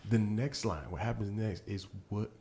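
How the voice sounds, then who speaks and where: A man co-hosting a podcast, casually teaching through a Bible passage and often checking in with "right?", growing animated as he retells the scenes. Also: lowish voice, moderate pace. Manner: gets animated when retelling scripture. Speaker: podcast co-host.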